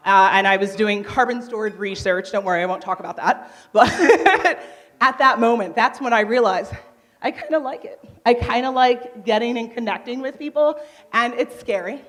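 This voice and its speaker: A loud young woman gives a motivational workshop talk from a conference stage. Her voice sits a bit high, and she laughs easily between points. She keeps turning to the crowd with questions. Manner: lively, laughs often, asks the crowd questions; naturally loud. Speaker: conference speaker.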